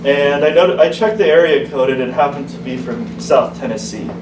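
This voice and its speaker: A man performing a stumbling open-mic stand-up set in a small comedy club, restarting his sentences often. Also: medium pitch. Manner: halting, stumbling delivery with many restarts. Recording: echoey club, distant mic, room noise.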